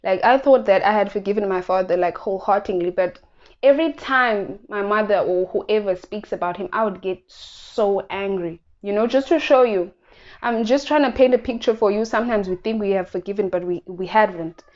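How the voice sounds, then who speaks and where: A South African woman speaks earnestly to her viewers in a reflective personal vlog. Her voice sits at a middling pitch, and she stops often to repeat and restart her phrases. The recording is somewhat dull and lo-fi. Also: normal speed, darkish tone. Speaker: YouTuber.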